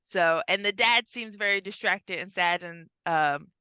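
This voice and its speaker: A woman's voice: measured pace, clear, resonant tone, no echo, lo-fi sound. A woman co-hosting a podcast in casual chat, retelling a film scene by scene and acting out the characters' lines. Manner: animated, acts out characters' lines with big pitch jumps. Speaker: podcast co-host.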